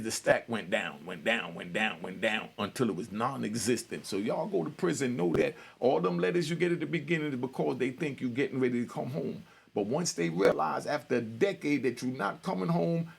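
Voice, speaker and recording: A middle-aged man tells his story in a loose, streetwise monologue. His voice is heavily gravelly and husky, at an ordinary male pitch. He keeps turning to his listeners with asides. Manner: streetwise, conversational, addresses audience with asides. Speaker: podcast host.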